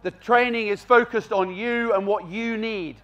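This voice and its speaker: A man working as a gundog trainer, giving live commentary to an audience at an outdoor country fair, expressive and animated in how he talks. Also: sits high, a little slow. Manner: expressive and animated, acts out calls to the dogs.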